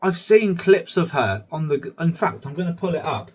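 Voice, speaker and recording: A man's voice: a little high, expressive, normal speed, darkish tone. A man hosting his own vlog, chatty commentary that keeps addressing viewers as guys. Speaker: channel host.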